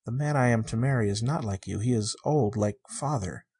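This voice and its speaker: A man reading the part of a shy, wondering sixteen-year-old girl, in a soft, earnest and innocent way. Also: medium pitch, fairly quick, husky. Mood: wistful.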